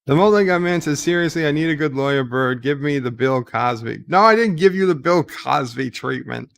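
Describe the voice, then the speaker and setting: A man's voice: on the high side, brisk, gravelly, a bit bright. A man hosting a casual livestream at home, reading viewer messages aloud and answering with rambling jokes. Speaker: livestream host.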